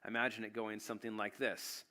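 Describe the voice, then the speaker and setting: A pastor preaching a sermon, retelling a story in an animated, joking, conversational way. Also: male voice, on the high side, moderate pace.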